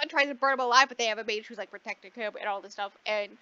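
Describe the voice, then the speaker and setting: A woman co-hosting a podcast, casually recapping a book in a rambling way, swearing freely and acting out the characters in quick asides. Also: high voice, bright, forceful tone. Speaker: podcast co-host. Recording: dull lo-fi dry recording.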